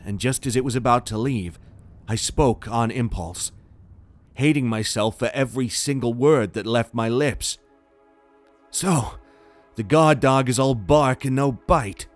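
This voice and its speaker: A man reading a scripted first-person horror story in a tense, dramatic way. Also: mid-range voice. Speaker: narrator.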